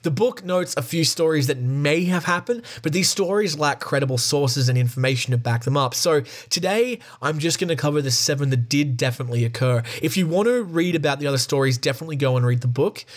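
A man's voice: on the high side, animated, fairly quick, hardly any pauses. A man casually reading stories from a book aloud, breaking off for jokey, profane asides.

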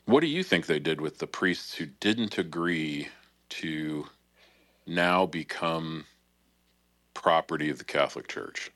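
A very deep-voiced man co-hosting a casual faith podcast. He lays out history in a dry, measured way. The recording is close and dry. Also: fairly bright tone, no room sound. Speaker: podcast co-host. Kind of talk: casual religious discussion.

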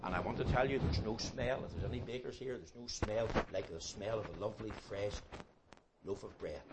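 A man preaching an evangelistic sermon, emphatic and repeating words as he builds, swinging between loud and soft passages. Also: lowish voice, a little fast. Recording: loud background noise.

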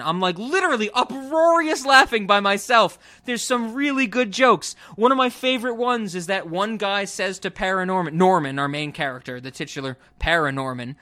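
A young man talks films on a podcast in a high, bright, forceful voice. He gushes with open enthusiasm and drops swear words freely. His style is loose and conversational. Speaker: podcast co-host. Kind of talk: casual film discussion.

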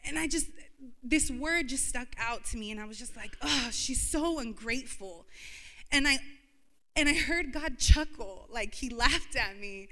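A woman's voice: high voice, animated, measured pace, bright, forceful tone. A woman in her thirties giving an emotional, confessional personal testimony as a church speaker, laughing through tears. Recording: reverberant hall.

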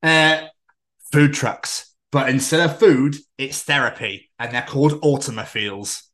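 A man's voice: medium pitch, measured pace. A man co-hosting a podcast, joking and swearing in casual chat, with frequent laughs. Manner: sweary, jokey, lively, bursts of laughter. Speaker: podcast co-host.

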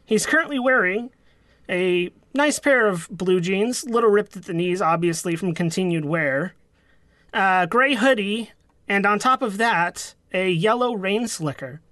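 A man narrating a tabletop horror game as game master, in a measured, descriptive way. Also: high voice, a bit bright, no echo, studio quality.

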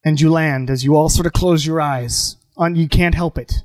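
A man serving as game master narrates a tabletop game in a fairly high voice. He hesitates often, fills gaps with "um" and "like," and corrects himself as he goes. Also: normal speed, a little hiss or hum. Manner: hesitant, full of fillers and self-corrections.

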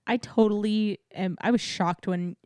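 A woman's voice: mid-range voice, steady tone, measured pace, a little mellow, dry recording, studio quality. A woman co-hosting a podcast, chatting casually and giving frank opinions. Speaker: podcast co-host. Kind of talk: casual chat.

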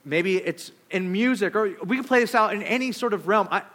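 A man preaching a sermon as a pastor, telling stories in an animated, casual way with quick asides. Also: high voice.

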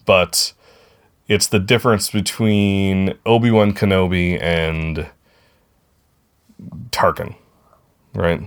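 Very deep-voiced male podcast host. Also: fairly even intonation, slow, pauses often, clean tone. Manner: rambling, self-correcting, friendly. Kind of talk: casual chat.

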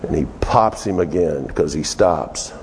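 A man's voice: animated, a little slow, darkish tone, a little hiss or hum. A man preaching a conversational sermon, telling the story with emphatic, jumpy delivery. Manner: storytelling, emphatic, with sudden pitch jumps. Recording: long reverb of a large hall.

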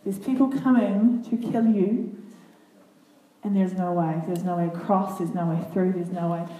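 A woman reading a children's Bible story aloud to a group, with earnest, expressive comments between passages. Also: fairly low pitch, moderate pace. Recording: echoey room, far from the mic, faint noise.

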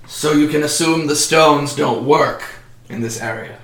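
A man's voice: on the high side, a little slow, a bit bright, reverberant. A man voicing a stern, stocky male dwarf leader who bluntly interrogates prisoners. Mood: demanding. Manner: commanding, blunt.

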